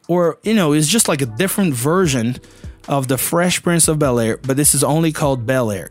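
A man hosting an English lesson podcast, talking in a chatty, enthusiastic way with many fillers. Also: medium pitch. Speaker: English teacher and podcast host. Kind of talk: casual teaching monologue.

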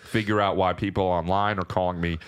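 A young man telling a long story as a podcast guest, casual and animated, full of "like" fillers and restarts. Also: deep voice, a little fast, clear, resonant tone.

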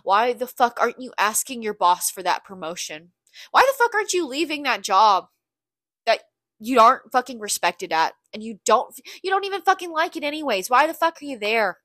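A woman's voice: fairly high pitch, big pitch swings, moderate pace, a bit bright, no echo, clean studio sound. A young woman hosting a podcast, talking in a blunt, candid, profane confessional monologue. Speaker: podcast host.

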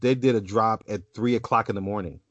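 Here the man speaks a little fast in a lowish register, spinning a long, rambling podcast story that keeps restarting and drifting into side comments. He's a co-host, and the sound is dull, lo-fi and dry.

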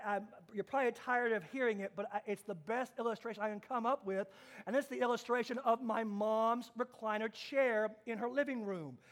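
A man with a strikingly high voice delivers a sermon from the pulpit, stacking up repeated phrases for emphasis. He slows down to stress key words, then hurries through asides to his listeners. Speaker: pastor.

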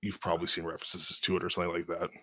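A man in a casual chat, informed and wry, making deadpan jokes. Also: low voice, very fast, breathy edge, dry recording, clean studio sound.

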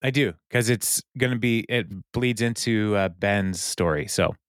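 A man's voice: on the low side, unhurried, smooth, no echo, studio quality. A man co-hosting a podcast, recapping a TV episode in casual chat and laughing between lines as he tells the story. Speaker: podcast co-host.

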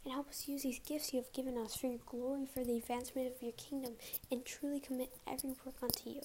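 A young woman leading a spoken prayer for her viewers, earnest and breathy, half-whispering and a little out of breath. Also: high voice, little pitch movement, fast, a little mellow, a little hiss or hum. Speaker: Christian vlogger. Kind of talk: spoken prayer and closing message.

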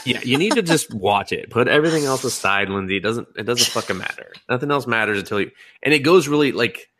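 A young man co-hosting a podcast in casual chat, rambling and animated, laughing often and swearing freely. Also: medium pitch, quick pace. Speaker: podcast co-host.

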